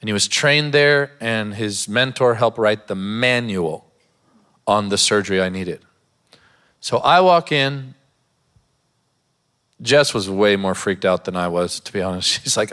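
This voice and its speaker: A man's voice: fairly low pitch, a little slow, long pauses, fairly bright tone. A man, a pastor, preaching a sermon in a church, mixing scripture with a humorous personal story and laughing often.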